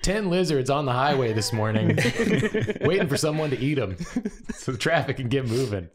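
A man's voice: medium pitch, expressive, normal speed, music in the background, natural voice. A man voicing an upbeat male morning radio DJ with announcer patter. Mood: hyped.

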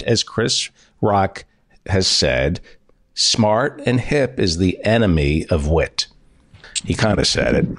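Animated middle-aged man holding forth. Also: on the low side, slow pace. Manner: lecturing, animated, wry. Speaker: podcast host. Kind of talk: comedy podcast chat.

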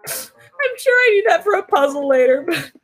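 A woman's voice: very high-pitched, very animated, normal speed, fairly bright tone, soft background music, low-quality recording. A woman streaming a video game, joking and teasing as she plays, with sudden silly voices. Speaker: streamer playing a goose game. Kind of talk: playful let's-play commentary.

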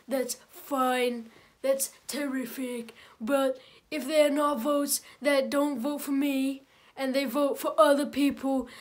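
A performer doing a comedic impression of an angry, boastful older male politician who rants repetitively. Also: high-pitched.

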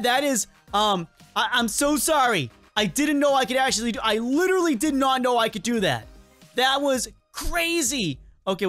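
A man hosting a casual let's-play video, talking in an excitable, rambling and self-mocking way as he comments on the game. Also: extremely high pitch. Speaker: gaming video host.

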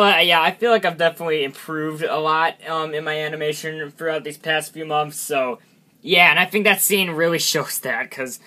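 A man's voice: on the high side, bright, forceful tone. A man hosting his own channel, casually reviewing a character from his animation, self-deprecating and often restarting his sentences.

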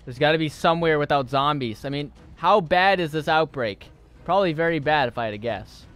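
A man's voice: fairly high pitch, animated, fairly quick, smooth, faint music behind. Panicky young male gameplay streamer. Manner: panicky, swearing, yelps and shouts when startled; talks to chat and to himself. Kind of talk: live gameplay commentary.

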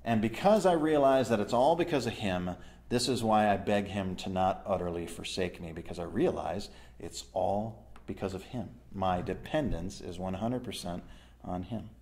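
A man's voice: deep voice, moderate pace, a little mellow. A man leading a church Bible study. He reads verses aloud, explains them and asks his listeners questions.

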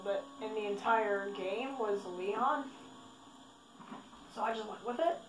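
Woman gaming creator, high voice, unhurried chatty commentary, roomy bedroom sound. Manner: chatty, rambling, self-correcting. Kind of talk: casual gameplay commentary. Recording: echoey room with faint noise.

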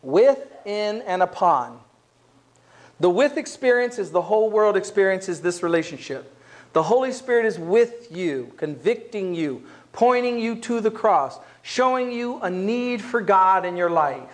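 A man with a notably high voice preaches a sermon as a pastor. He speaks to his congregation in a relaxed, conversational way rather than a formal one. His delivery is lively and direct. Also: measured pace. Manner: conversational, acts out quoted voices. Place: church.

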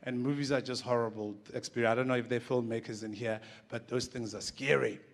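A man's voice: mid-range voice, steady tone, a little fast. A man giving a stage talk, telling loose stories with laughter and frequent stumbling restarts. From South Africa. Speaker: guest speaker. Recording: echoey hall.

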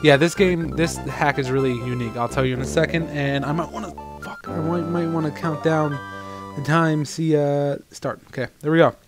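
A man talking through a video game in loose, rambling let's-play commentary. His voice sits a little high for a man. He swears casually while faint game music plays underneath. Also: fairly even intonation, moderate pace. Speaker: gaming channel host.

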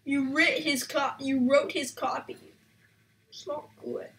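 A woman giving live gameplay commentary as a gaming channel host, excitable and playful, quick to exclaim and tease. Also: high-pitched.

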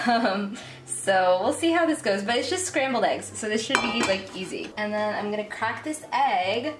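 A woman's voice: fairly high pitch, animated, normal speed, background noise. A young woman talking casually to camera in a chatty, giggly, self-mocking way. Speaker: YouTuber. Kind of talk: casual vlog bloopers.

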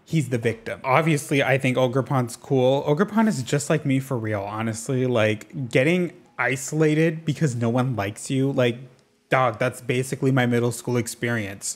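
A man talks through a video game in a running commentary, easily thrilled and quick to gasp. His delivery is campy and sassy, with playful asides. His speaking voice sits at a middle pitch between sudden excited leaps. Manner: excitable and gushing, with gasps and sudden pitch jumps. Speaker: gaming video creator. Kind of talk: gameplay commentary.

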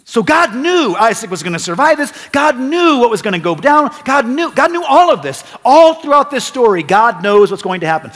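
Male pastor, high voice, lively sermon delivery with acted-out quotes, long church reverb. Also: brisk, hardly any pauses. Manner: animated, acts out voices in quoted lines. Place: church sanctuary.

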